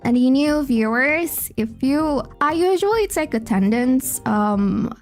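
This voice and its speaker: A young woman chats casually with her livestream viewers. She greets people by name, rambles in a friendly way and drops giggly asides. Soft music runs quietly behind her. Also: high voice, lively intonation, slow. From Indonesia. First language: Indonesian. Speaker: VTuber streamer.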